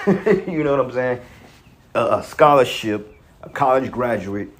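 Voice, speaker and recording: A man's voice: medium pitch, sing-song, a little slow. A man commentating on a video clip in an angry, profane rant, emphatic and full of restarts. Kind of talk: heated reaction rant.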